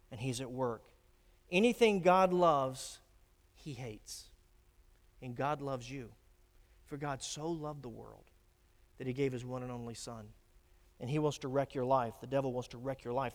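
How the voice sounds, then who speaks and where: A man preaching a sermon, swinging from emphatic declarations to hushed, grave warnings. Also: mid-range voice, normal speed. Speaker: pastor. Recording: long reverb of a church hall.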